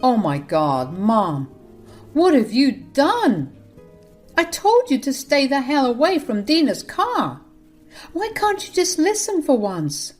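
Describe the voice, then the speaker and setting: An exasperated grown son scolding his mother, read by a woman narrator in her own mid-pitched voice. His lines are clipped and reproachful. Faint music hums in the background. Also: expressive, a little slow, lightly acted. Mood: angry. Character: angry adult son confronting his mother.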